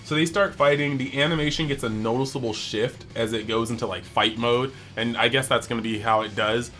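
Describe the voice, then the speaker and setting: Male anime reviewer, bright tone, loose and chatty, acts out quotes as he goes. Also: medium pitch, faint music behind. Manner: animated, acts out characters' lines in quick bits; chatty, heavy use of "like". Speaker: anime review channel host. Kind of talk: casual episode breakdown.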